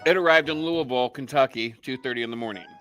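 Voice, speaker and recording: A man's voice: medium pitch, quick pace, sharp tone, faint music behind. A man hosting a casual talk show, telling a rambling story and acting out the people in it. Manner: chatty storyteller, acts out quoted voices. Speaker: podcast host. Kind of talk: casual chat.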